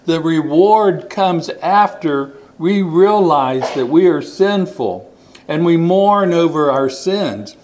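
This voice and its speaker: A man's voice: a little high, expressive, slow, darkish tone, rough recording. A man preaching a sermon, reading scripture aloud and stressing and repeating key words.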